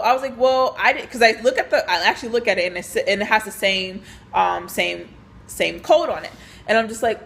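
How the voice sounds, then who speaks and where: A young woman vlogger tells a storytime about her job in a fairly high voice at a moderate pace. She's chatty and animated, packing in fillers and acted-out dialogue.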